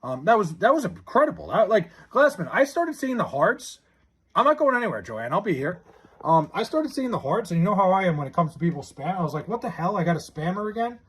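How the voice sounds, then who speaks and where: A young man hosting a casual livestream, reading chat aloud, excited and stammering, with a husky voice. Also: sits high, a little fast. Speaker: livestream host.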